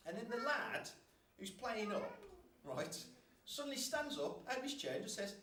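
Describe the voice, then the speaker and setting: A man telling a lively personal story at a church gathering, laughing often. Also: sits high. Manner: animated, laughs often, fast and chatty. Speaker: church member sharing a story. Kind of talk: casual storytelling testimony. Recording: echoey hall from a distance, faint noise.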